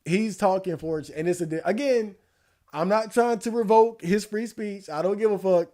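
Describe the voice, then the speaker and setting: High-pitched guy streaming, chill and slangy, cusses a lot, voice kinda hoarse. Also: moderate pace, mellow. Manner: laid-back, profane, slangy, laughs often. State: losing his voice. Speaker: streamer reacting to election night. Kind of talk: casual live-stream commentary.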